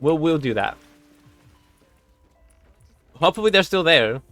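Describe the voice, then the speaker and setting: A male streamer chats excitably over his gameplay and coos fondly at the creatures on screen. His voice is bright and animated, with wide swings in pitch. He is recorded dry on a close mic. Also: measured pace, dry recording, faint music behind. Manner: excitable, cooing fondly at game animals, laughs often. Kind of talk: casual gameplay commentary.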